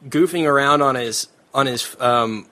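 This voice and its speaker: A man hosting a casual movie review chat, animated and opinionated, often laughing as he talks. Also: mid-range voice, a little slow. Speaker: podcast host.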